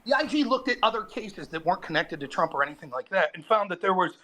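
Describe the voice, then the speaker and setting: A man's voice: sits high, sing-song, quick pace, pushed and bright, a little hiss or hum, poor audio. A middle-aged man with a wife and son, debating politics sarcastically and talking over his opponent. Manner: sarcastic, talks over the other speaker. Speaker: debate guest. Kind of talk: heated debate.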